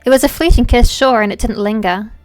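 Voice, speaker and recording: A flustered young woman from a visual novel speaks in slow, careful narration, read aloud by a woman streamer. Her voice sits a little high and sounds smooth and resonant. The recording is dry and close, with soft music underneath. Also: dry recording, lightly acted. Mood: wistful. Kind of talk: reading game text aloud.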